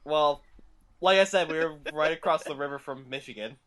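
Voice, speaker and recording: A man's voice: a little high, normal speed, a bit bright. A man telling a story on a podcast in casual chat, laughing often. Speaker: podcast co-host.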